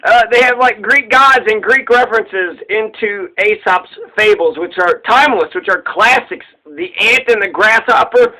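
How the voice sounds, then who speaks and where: A man's voice: high-pitched, normal speed, few pauses, bright, forceful tone, poor audio. A man casually retelling an old fable in a loose, rambling way, swearing freely and laughing at his own jokes.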